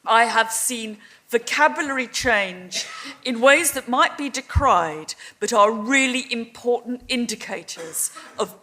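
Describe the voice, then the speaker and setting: A woman's voice: on the high side, lively intonation, unhurried, sharp tone. A middle-aged woman making a persuasive debate speech in a wry, conversational way. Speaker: debate speaker.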